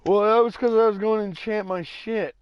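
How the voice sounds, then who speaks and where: A man's voice: sits high, fairly even intonation, brisk, clean tone, dry recording. A young man playing a game with friends, chatting casually and passing on what others say. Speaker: gaming friend on the stream. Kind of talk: casual gaming chat. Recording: dull lo-fi audio with faint noise.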